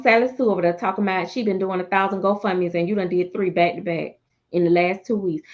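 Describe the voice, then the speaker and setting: A woman who makes and sells dolls, ranting on a livestream in a sassy, animated way and cussing freely. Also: mid-range voice, highs cut off. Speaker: doll artist and seller. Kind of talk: livestream rant.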